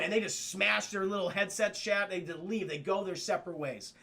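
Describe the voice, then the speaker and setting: A young man's fairly high voice carries a bright, crackling fry as he talks his stream chat through a cartoon scene by scene. He swears casually, laughs at the funny bits, and slips into quick voiced quotes. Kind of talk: casual recap, addressing chat.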